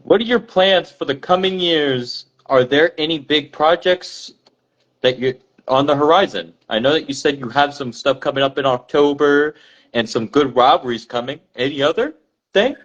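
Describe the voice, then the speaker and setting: Man, slightly high pitch, polite scripted questions, dull lo-fi sound. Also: moderate pace, fairly bright tone. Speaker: interviewer. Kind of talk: podcast interview.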